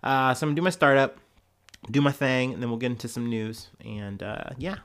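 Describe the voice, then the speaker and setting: A man's voice: medium pitch, steady tone, brisk, fairly bright tone, smooth. A man hosting a casual news podcast, talking with a congested, nasal voice from a cold and rambling loosely with fillers and restarts into a podcast microphone. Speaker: podcast host.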